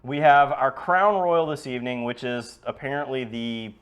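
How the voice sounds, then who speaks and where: A man's voice: medium pitch, moderate pace, fairly bright tone, clear, resonant tone. A man hosting a loose, joking whiskey-tasting podcast, often restarting his sentences. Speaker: podcast host. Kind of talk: casual chat.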